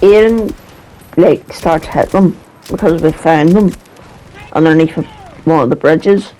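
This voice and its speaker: Male storyteller, casual and hesitant, slow delivery, soft dark tone. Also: fairly high pitch, slight background noise, low-quality recording. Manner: rambling, hesitant, swears casually.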